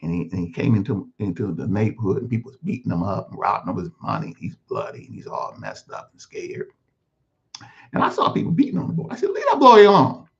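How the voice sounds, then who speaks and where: A man voicing Bubba, a rough-living street man, telling his story plainly with halting restarts in a one-man sermon skit. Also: lowish voice, huge pitch swings, pitched below the performer's own voice. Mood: recounting. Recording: dull lo-fi recording.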